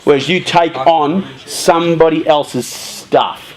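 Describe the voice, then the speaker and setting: A man giving a casual, lively talk to a youth group, often saying "you know" and "um". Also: on the high side, slow.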